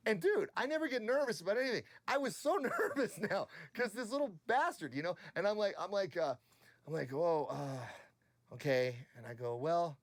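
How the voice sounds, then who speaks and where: A fairly high-voiced man tells a story and swings his pitch widely as he acts out each part. The room is dry and close. He is a voice actor speaking in an interview. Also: big pitch swings, normal speed, dry recording. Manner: acts out both sides of a story in quoted voices. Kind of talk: animated anecdote in an interview.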